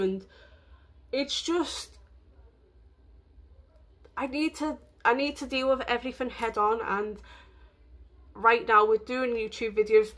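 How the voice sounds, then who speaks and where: A woman vlogging in a rambling, emotional way, with lots of fillers. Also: mid-range voice. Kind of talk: casual vlog talk.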